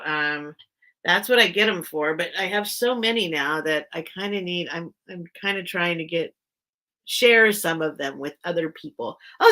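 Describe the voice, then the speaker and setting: A woman's voice: lowish voice, bright, forceful tone. A middle-aged woman hosting a live online sale, chatting in a rambling way and greeting viewers by name. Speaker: host of a live vintage sale. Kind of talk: rambling live-stream chat.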